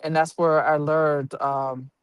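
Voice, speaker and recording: A woman's voice: deep voice, little pitch movement, slow, clean tone, no echo. A woman who works as a union representative at a prison telling a personal story in a candid, earthy way, swearing freely and laughing at herself.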